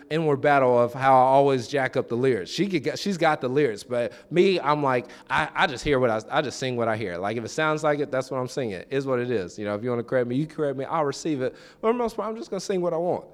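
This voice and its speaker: A man's voice: quick pace, hardly any pauses. A man preaching a sermon in church, telling stories with acted-out quotes and repeated phrases. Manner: animated, pitch jumps high for quoted voices. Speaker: pastor.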